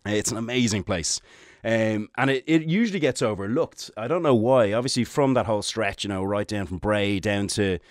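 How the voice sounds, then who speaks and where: A man's voice: fairly low pitch, normal speed, no echo, clean studio sound. A man with a Dublin Irish accent, a travel journalist chatting as a guest in an enthusiastic, rambling way with frequent restarts. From Ireland, Dublin. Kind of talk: casual radio interview chat.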